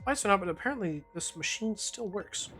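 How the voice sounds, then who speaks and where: A gaming streamer playing through a game and reading its lines aloud, with wry, deadpan asides. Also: medium pitch, fairly quick. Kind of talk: let's-play commentary and reading dialogue aloud. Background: faint game music.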